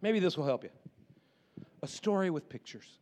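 A man preaching a sermon as pastor, animated and jokey, swinging from hushed asides to excited shouts. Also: on the high side, normal speed.

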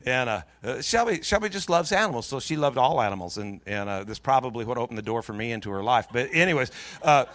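A middle-aged male pastor tells a personal story to his congregation, joking and restarting his sentences as he goes. His voice swings high and low as the story builds. The sound is close and dry, with no room echo. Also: quick pace, few pauses. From Pacific Northwest of the US. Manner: jokey, animated storytelling with frequent restarts. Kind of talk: storytelling sermon.

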